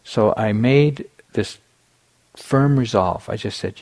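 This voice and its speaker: A middle-aged man giving a meditation dharma talk, telling a personal story in a relaxed way with many fillers and restarts. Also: fairly low pitch, slow pace. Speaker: meditation teacher.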